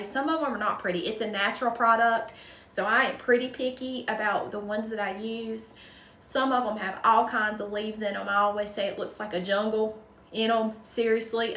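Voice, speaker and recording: A woman's voice: a little high, recorded from a distance. Woman, Southern accent, North Carolina, folksy, chatty, live-stream chat, echoey room. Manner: chatty, folksy, answers viewer questions warmly with "okay?" and "y'all". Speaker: wreath maker hosting a live stream.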